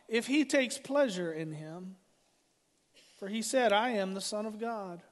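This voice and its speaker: A middle-aged man preaching a sermon as pastor, dramatic, swinging from loud declarations to hushed lines. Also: high voice, unhurried. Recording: hall reverb.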